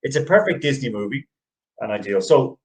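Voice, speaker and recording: A man's voice: medium pitch, expressive, fairly quick, rough recording. A middle-aged man co-hosting a casual movie review chat, rambling and restarting his sentences. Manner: rambling, restarts often, chuckles. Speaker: podcast co-host.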